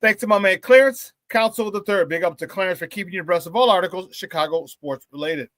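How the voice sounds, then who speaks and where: A man hosting a morning sports talk show, hyping up viewers in a playful, lively way and often breaking into laughter. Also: high-pitched, quick pace, no echo. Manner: hype, playful, talks to the chat and laughs often. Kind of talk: upbeat morning show chat.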